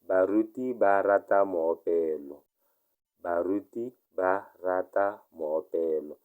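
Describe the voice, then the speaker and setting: Male language teacher, low voice, dark mellow tone, repeats each example twice. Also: rough recording. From Botswana. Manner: says each example sentence twice, then translates it. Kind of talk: online language lesson.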